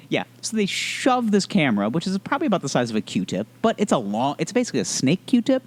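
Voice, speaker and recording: A man's voice: mid-range voice, quick pace, hardly any pauses. Young guy in his 20s telling a wild story on a podcast, swears a ton, voice jumps all over. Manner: animated, swears a lot, acts out quotes. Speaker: podcast co-host. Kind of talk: casual storytelling chat.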